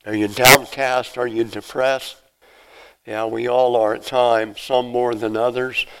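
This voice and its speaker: An older man preaching a sermon with emphatic repetition and sudden loud swells of emphasis. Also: mid-range voice, level tone, a little slow, clear, resonant tone, rough recording. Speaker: pastor.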